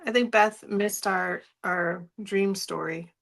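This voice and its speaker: A woman co-hosting a sewing chat over a video call, speaking slowly in an unhurried, amused way. Her pitch is middling. A light hiss sits under her computer mic. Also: gravelly. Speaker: livestream co-host. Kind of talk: casual chat while sewing.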